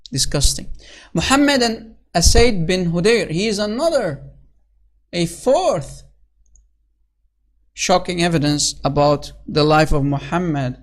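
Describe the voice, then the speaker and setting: A sarcastic solo commentator who reads source titles and numbers aloud, then sneers at what they say. The delivery is scornful and mocking, padded with "basically" and "you know". The voice sits at a middling pitch. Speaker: online religious critic. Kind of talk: solo commentary reading and mocking religious texts.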